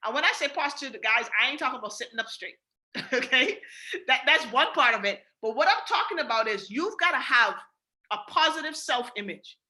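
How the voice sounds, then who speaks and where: A woman from the Bahamas with a Bahamian accent coaches her team on a training call. Her voice sits high and swings widely, with a bright edge. She repeats her points emphatically and talks straight to her listeners. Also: animated, moderate pace. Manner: emphatic, repetitive, addresses listeners directly.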